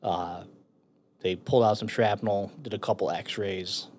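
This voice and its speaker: A man, a military veteran guest, telling a war story in casual, profane, animated speech with laughs between phrases. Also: fairly low pitch, a little slow, slight background noise.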